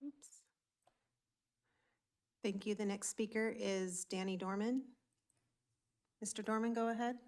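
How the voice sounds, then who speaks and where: Female meeting chair, formal and procedural; smooth, flat delivery. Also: medium pitch, unhurried, long pauses. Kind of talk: calling speakers at a council meeting. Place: city council chamber.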